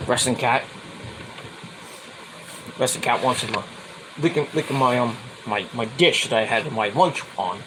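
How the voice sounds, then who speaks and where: A man's voice: medium pitch, lively intonation, measured pace, long pauses, fairly bright tone, slight background noise, rough recording. A man hosting his own stream, ranting in a profane, heated, rambling way about sports. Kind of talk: casual sports rant.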